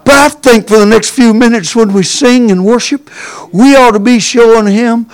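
A man preaching a fervent sermon as pastor, folksy and drawling, building up to shouts. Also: extremely high pitch, normal speed, clear, resonant tone, rough recording.

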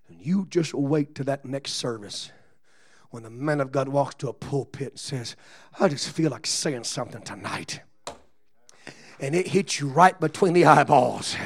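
A man preaching a Pentecostal sermon as pastor, moving from quiet, low-key musing to shouted, rhythmic exhortation punctuated with "uh.". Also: unhurried, husky.

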